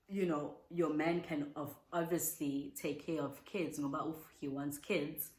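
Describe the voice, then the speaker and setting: Low-voiced South African woman vlogging. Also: fairly even intonation, a little slow, few pauses, a little mellow, echoey room, low-quality recording. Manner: heartfelt, chatty, mixes in Zulu words. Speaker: vlogger answering viewer questions. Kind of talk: casual Q&A chat.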